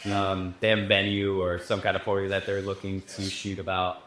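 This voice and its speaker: A man's voice: low voice, monotone, moderate pace, a bit bright. A man co-hosting a podcast, chatting casually and asking the guest questions. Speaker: podcast co-host. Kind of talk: casual interview. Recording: roomy echo, faint background noise.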